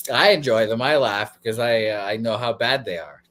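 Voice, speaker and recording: A man's voice: mid-range voice, a little fast, a bit bright. A male sports betting host talking through the day's games in loose, casual chat. He rambles, swears freely and pokes fun at himself, in an ordinary mid-range voice.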